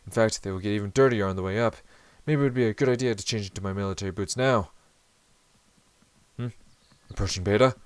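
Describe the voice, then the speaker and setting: A man's voice: mid-range voice, natural voice. A man reading aloud the inner monologue of a formal, flustered young male samurai from a visual novel.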